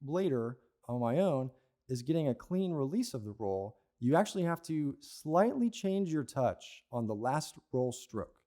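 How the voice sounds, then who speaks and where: A young man with a mellow, relaxed tone gives a patient, step-by-step percussion lesson. He often checks in with the listener with a quick "okay?" or "right?". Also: medium pitch. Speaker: percussion teacher. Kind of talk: instructional lesson.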